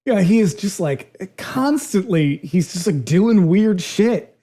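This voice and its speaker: A podcast co-host talking casually about a film, animated and profane, acting out lines of dialogue. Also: medium pitch, slow pace. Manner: animated, profane, acts out quotes.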